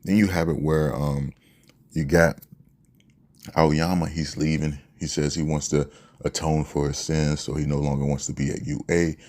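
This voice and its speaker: A man's voice: a bass voice, flat delivery, moderate pace, darkish tone. A young man casually talking through his reaction to an anime episode, laid-back and slangy, throwing in "yo" and "man". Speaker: anime reaction channel host.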